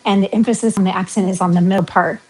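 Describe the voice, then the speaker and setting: Middle-aged woman, West Coast American accent, rambling livestream chatter at an average pitch. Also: steady tone, rapid-fire, darkish tone, husky, rough recording. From western United States. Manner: chatty, rambling, reads out viewer comments. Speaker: livestream vlogger. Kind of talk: casual livestream chat while walking.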